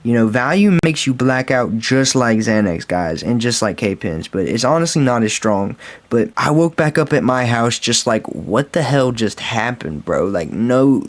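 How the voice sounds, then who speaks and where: A man talks straight to his viewers in a loose, rambling storytime voice at an ordinary middle pitch. He swears constantly and keeps tossing in guys and bro as he goes. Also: expressive, normal speed. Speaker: storytime vlogger. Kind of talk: casual storytime monologue.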